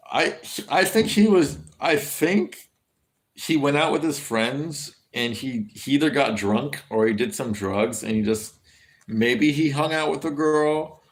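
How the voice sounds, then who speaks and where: An American man giving casual livestream commentary in a rambling, profane way, often restarting his sentences. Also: medium pitch. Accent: General American.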